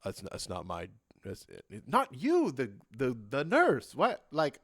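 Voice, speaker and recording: A man's voice: mid-range voice, huge pitch swings, a little slow, creaky, a bit bright, full character voice. A man doing a stammering, flustered guard. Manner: stammering, awkward.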